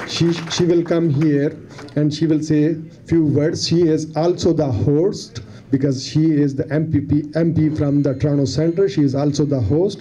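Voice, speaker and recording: A man whose first language is Bengali, hosting an event and introducing a guest in halting English, repeating words and chuckling. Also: on the high side, dark tone, slight background noise. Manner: halting, repeats words, non-native grammar, chuckles often. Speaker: event organizer and host. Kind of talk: casual speech introducing a guest.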